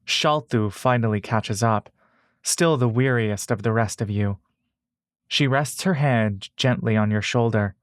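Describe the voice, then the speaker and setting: A man reading a fantasy story aloud at an unhurried pace, steady and measured. The sound is dry and close, with no room around it. He speaks to the listener as "you" throughout. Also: medium pitch, no room sound. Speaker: narrator. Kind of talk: second-person audiobook narration.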